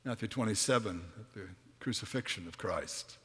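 A man's voice: normal speed, breathy edge. Dramatic male preacher in a reverberant hall. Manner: dramatic, swings from hushed to booming when reading scripture. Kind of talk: sermon. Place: large church hall.

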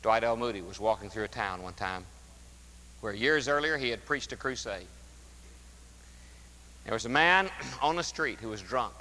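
A man preaching a sermon as pastor, emphatic, rising loud and dropping to a hush. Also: fairly low pitch, expressive, moderate pace, long pauses, big-room sound, low-quality recording. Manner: emphatic, swings from loud to hushed. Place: church sanctuary.

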